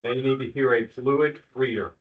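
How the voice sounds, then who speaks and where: A man's voice: medium pitch, fairly even intonation, moderate pace. A middle-aged man, a school principal, speaks to parents at an evening school meeting in a folksy, joking, reassuring way. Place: school room with an audience. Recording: distant, muffled room recording.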